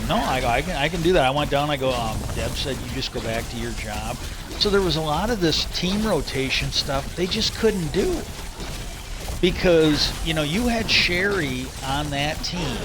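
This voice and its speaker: A man's voice: a little high, background noise. A man casually telling a long story about his old job, rambling and quoting himself with "I go". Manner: rambling, restarts, quotes himself with "I go". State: a little lightheaded. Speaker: livestream host. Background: music.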